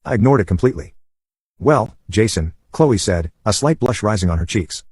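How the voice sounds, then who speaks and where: Fast, wry male story narrator. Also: fairly low pitch, animated, a little mellow, husky, dry recording, clean studio sound. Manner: wry, sardonic. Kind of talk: scripted narration of an online story.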